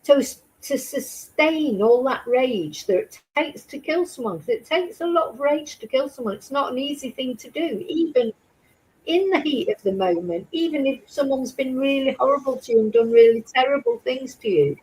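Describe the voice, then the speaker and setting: A woman talks through a true crime case in a loose, chatty way, often turning to her listeners with questions like "isn't it?". Her voice sits a little higher than most women's. She comes across as relaxed and conversational. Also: normal speed, rough recording. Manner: chatty, rambling, asks rhetorical questions. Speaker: true crime channel host. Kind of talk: casual chat with live chat viewers.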